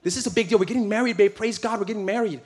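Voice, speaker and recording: A man's voice: high-pitched, rapid-fire, pitched above the performer's own voice, lightly acted. A man voicing his earnest young newlywed wife, careful with money, in a storytelling sermon. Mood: insistent. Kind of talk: quoted dialogue in a storytelling sermon.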